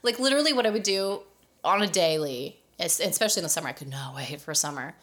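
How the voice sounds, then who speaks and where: A woman co-hosting a chatty podcast, her pitch swinging widely as she talks. She swears freely and drops into quick impressions of other people mid-story. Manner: swears freely, animated, acts out quoted voices. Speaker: podcast co-host. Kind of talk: casual chat.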